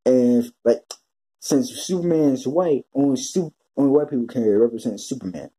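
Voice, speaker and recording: A vlogger delivers an exasperated, profanity-laced rant, circling back and restarting his sentences as he goes. His voice is very dark and mellow, with a husky, rough edge. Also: medium pitch, moderate pace. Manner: repetitive, with frequent restarts. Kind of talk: ranting commentary vlog.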